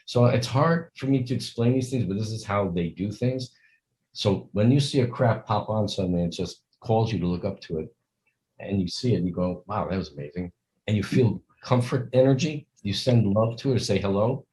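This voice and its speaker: An older man with a fairly low voice and a mellow tone, talking as an interview guest. He speaks earnestly and rambles in long stretches. He acts out the lines he quotes. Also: normal speed, low-quality recording. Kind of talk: conversational interview.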